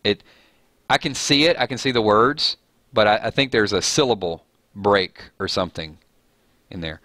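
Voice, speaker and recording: A man's voice: lowish voice, normal speed, sharp tone, no echo. A man hosting a casual live chat stream, rambling and laughing at his own jokes.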